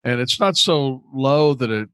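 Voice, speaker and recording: A man's voice: mid-range voice, unhurried, fairly bright tone, clean tone, no room sound. Man explaining his methods on a podcast. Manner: practical, explains his methods with many restarts. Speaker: podcast co-host. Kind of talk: casual podcast chat.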